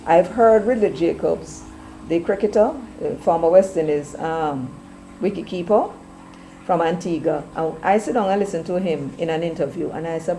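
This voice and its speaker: Chatty Jamaican woman, husky morning throat. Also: lowish voice, normal speed, mellow, slight background noise, low-quality recording. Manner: chatty, drifts between patois and English. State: slightly hoarse, clearing throat. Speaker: commentary channel host. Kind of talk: casual commentary to camera.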